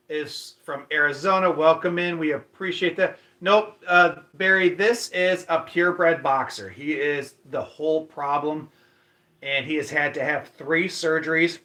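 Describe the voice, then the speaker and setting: A man's voice: on the high side, sharp tone. Upbeat man hosting a dog livestream. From Michigan. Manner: chatty, upbeat, greets viewers by name. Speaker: livestream host. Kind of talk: casual livestream chat, reading viewer comments.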